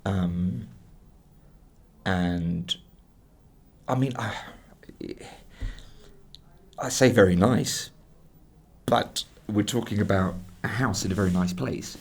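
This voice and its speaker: A man from England with a London accent is a guest in a casual conversation, telling lively stories and acting out the voices of those he quotes. His voice is lowish, slightly rough and creaky, and he speaks slowly with frequent pauses.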